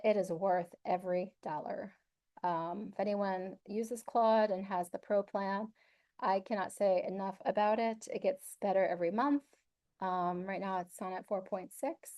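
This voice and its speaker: Mellow-voiced woman presenting a webinar. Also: medium pitch. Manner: upbeat, conversational, frequent fillers.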